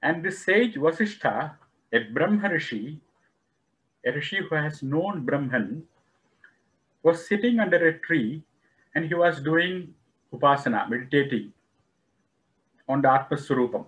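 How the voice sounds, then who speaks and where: Male lecturer, fairly high voice, slow deliberate delivery, explains scripture terms, tells stories, acts out the dialogue. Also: expressive, a bit bright, rough recording. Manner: acts out quoted dialogue in the story. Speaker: lecturer on Vedic philosophy. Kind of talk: spiritual lecture, storytelling.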